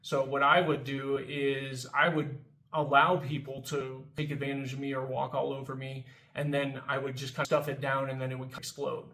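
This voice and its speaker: A man with a mid-range, sharp-toned voice speaks flatly at normal speed in a reverberant, rough recording. In recovery from addiction, he hosts a casual talk-to-camera video about anger, often tagging "right?" and swearing now and then.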